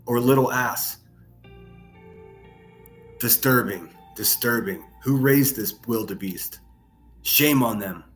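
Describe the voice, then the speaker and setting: A man's voice: mid-range voice, takes it slowly, pauses often, soft background music. A man hosting a reaction commentary, mocking and sarcastic, with heavy profanity. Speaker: commentary channel host.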